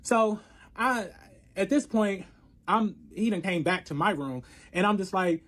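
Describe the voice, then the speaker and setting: A man telling a story in casual chat, animated and profane, acting out both sides of the arguments. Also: high-pitched, measured pace.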